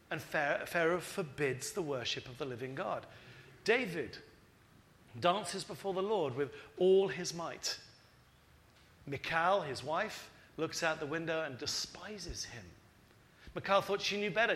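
Male preacher, high bright voice, lively storytelling sermon. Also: moderate pace. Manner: animated storytelling, acting out quoted voices.

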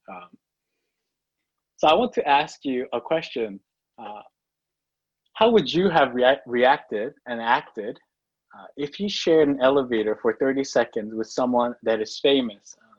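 A pastor telling a self-mocking story in a sermon, with many fillers and restarts. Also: male voice, mid-range voice, slightly rough, no room sound. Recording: dull lo-fi recording.

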